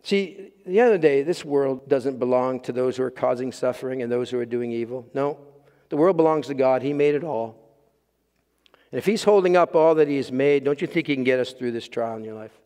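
A man preaching a sermon to a church congregation, emphatic, building to loud peaks and repeating phrases for weight. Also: mid-range voice, fairly quick, clean tone, in a large hall. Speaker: pastor. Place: church with live audience and live stream.

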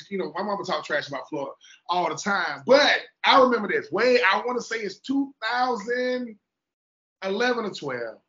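A man's voice: high-pitched, expressive, normal speed, bright, forceful tone. A middle-aged man hosting a podcast interview, talking loosely and jokingly and acting out the people he quotes. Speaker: podcast host. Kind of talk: casual interview chat. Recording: dull lo-fi sound.

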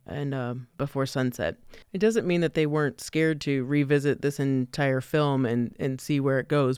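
A man's voice: mid-range voice, a little mellow, smooth, dry recording, clean studio sound. A male podcast co-host recounting film background facts in a film discussion.

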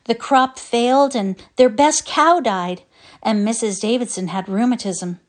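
A woman's voice: fairly high pitch, a little slow, voice pushed up, natural voice. A woman voicing a dreamy young girl who loves telling stories in a readers' theatre piece. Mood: storytelling. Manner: dreamy, storytelling.

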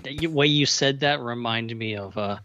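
A man's voice: medium pitch, moderate pace, sharp tone, no echo, dull audio. A man co-hosting a podcast, chiming in with short amused reactions during a casual chat. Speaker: podcast co-host.

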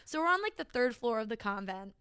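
A young woman chatting on a podcast in a bright, fairly high voice, dropping "like" into almost every line. She tells her story casually with quick laughs. The sound is dry and close to the mic. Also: very animated, clean tone, no room sound. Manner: chatty, fillers of "like", laughs between lines. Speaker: podcast co-host.

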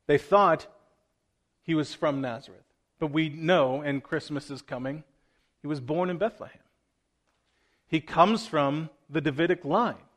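A man preaching to his congregation in a church room. His voice sits a little high for a man. He is earnest and plain-spoken, and he presses his listeners to act. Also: a bit bright. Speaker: pastor. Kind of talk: sermon.

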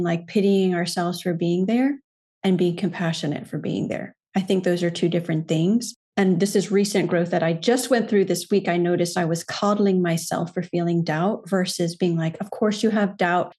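A woman who works as a coach, a podcast guest speaking in a thoughtful, earnest and measured way. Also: fairly low pitch, steady tone, mellow. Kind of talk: reflective podcast conversation.

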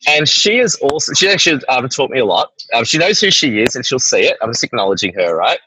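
A man's voice: mid-range voice, very animated, fast talker, sharp tone, slight background noise, poor audio. An Australian man chatting as an interview guest, rambling and often tagging his points with "right?". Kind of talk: casual interview chat.

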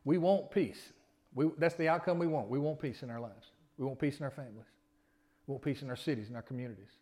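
A middle-aged pastor from Alabama preaches a sermon fast, his mid-range voice carrying a dark tone. His style is folksy and conversational, and it draws responses from the congregation.

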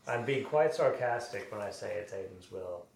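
A man's voice: lowish voice, expressive, moderate pace, vocal fry, pitched below the performer's own voice. A man voicing the flame spirit inside a sword, talking in a sarcastic, mocking way. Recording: roomy, distant mic with faint noise.

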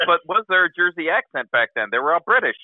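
Teasing man, lively voice, tinny line. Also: on the high side, dry recording. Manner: teasing, quick to laugh. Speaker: podcast co-host. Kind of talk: casual chat. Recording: tinny phone-like remote line.

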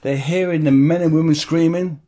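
A man's voice: on the high side, fairly even intonation, normal speed, warm tone. A man telling a vivid personal story in an interview, blunt and swearing freely.

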